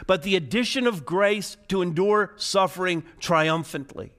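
Male pastor mid-sermon, fairly high voice, dynamic delivery from hushed to urgent. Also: measured pace. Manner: swings between quiet, low emphasis and rising, urgent intensity. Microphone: preaching to a live congregation, also streamed online.

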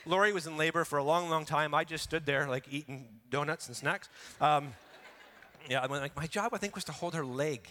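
Bright high-voiced male pastor preaching. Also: big-room sound. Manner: animated, acting out excuses with rapid repetitions. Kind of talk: sermon.

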